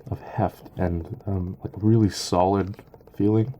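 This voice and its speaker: Hesitant deep-voiced man. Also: steady tone, dark tone, a little hiss or hum. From Canada. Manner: hesitant, halting, full of ums and uhs. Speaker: knife reviewer. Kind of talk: casual product review.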